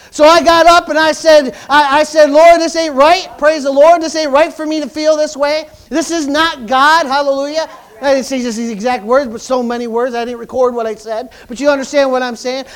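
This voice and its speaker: A man preaching a fervent sermon in church, repeating himself and punctuating lines with hallelujah and praise the Lord. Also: very high-pitched. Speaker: pastor.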